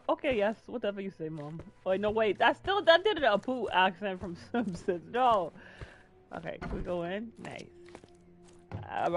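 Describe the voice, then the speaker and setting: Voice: mid-range voice, fairly bright tone. Joking let's play commentator. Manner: joking, chatty. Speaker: game streamer.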